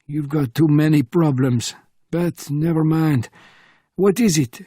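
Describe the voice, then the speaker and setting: Man voicing wry elderly Frenchman, higher and slower, husky, dry close audiobook read. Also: mellow, no echo. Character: older Frenchman, fussy, dry wit.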